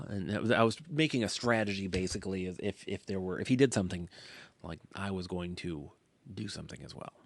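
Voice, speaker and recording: Deep gravelly man telling a story. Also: no echo. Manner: rambling, often drops to a hushed near-whisper. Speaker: podcast host. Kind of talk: casual storytelling monologue.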